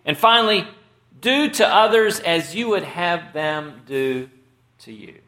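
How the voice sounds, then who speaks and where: A man preaching a sermon as pastor, slow and measured with dramatic pauses. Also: high-pitched, sharp tone, roomy sound.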